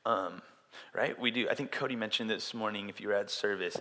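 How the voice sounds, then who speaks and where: A man preaching a sermon in a casual, animated way, acting out quotes as he tells stories. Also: fairly low pitch, a little fast. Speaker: pastor. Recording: long hall reverb.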